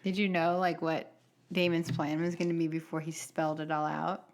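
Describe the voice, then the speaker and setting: A woman's voice: deep voice, level tone, normal speed, slight background noise. A woman co-hosting a podcast, chatting casually, laughing often and chiming in with agreement. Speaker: podcast co-host. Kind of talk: casual chat.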